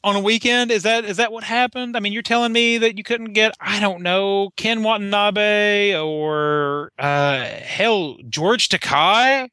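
A man's voice: high-pitched, unhurried, hardly any pauses, sharp tone, clean tone, no room sound, clean studio sound. A man co-hosting a casual podcast chat, restarting his sentences and building to emphatic rhetorical questions. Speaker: podcast co-host.

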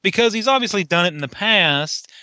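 A man's voice: high-pitched, animated, fairly quick, bright, forceful tone, no echo. A man co-hosting a casual podcast chat, restarting his sentences and building to emphatic rhetorical questions. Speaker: podcast co-host.

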